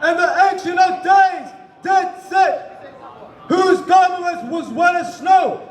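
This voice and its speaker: A man reading scripture aloud to a crowd in a loud, declaiming voice. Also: extremely high pitch, slow pace. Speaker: scripture reader. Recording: echoey and roomy, crowd behind.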